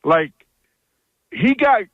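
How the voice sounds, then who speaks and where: A man's voice: sits high, very animated, very slow, no room sound. Blunt joking man on a dull line. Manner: blunt, jokey storytelling with frequent restarts. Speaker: guest analyst. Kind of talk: casual phone-in radio chat.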